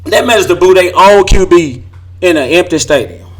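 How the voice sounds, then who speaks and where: A man from Memphis, hosting a casual sports talk show, hoarse from losing his voice and trash-talking with bursts of laughter. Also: high-pitched, normal speed, faint music behind. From Memphis, Tennessee. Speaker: host.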